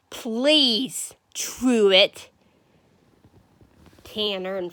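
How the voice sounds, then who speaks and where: A school coach, a woman, reading a picture book aloud to young children, animated and calling on them by name. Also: high-pitched, a little slow. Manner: animated, calls children by name, playful asides.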